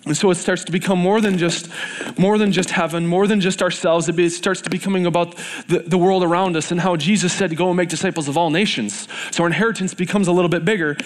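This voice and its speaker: A male preacher delivers a sermon in a church. His voice sits a little high for a man, and he talks earnestly, repeating phrases as he builds up intensity. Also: steady tone, fast talker, few pauses.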